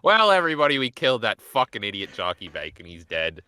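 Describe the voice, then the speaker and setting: A man with a lowish yet sharp, forceful voice talks in casual chat, sarcastic and crude, swearing through his rants. The sound is dry, with no room in it. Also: very animated, quick pace, clear, resonant tone, dry recording. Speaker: podcast co-host.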